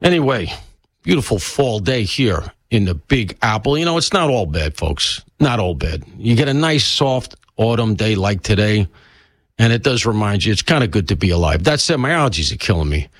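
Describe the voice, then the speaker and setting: Older man, lively rambling talk-radio host. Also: on the low side, normal speed, no echo, studio quality. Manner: chatty, rambling, self-mocking, lively. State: stuffy from allergies. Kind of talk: casual talk radio monologue.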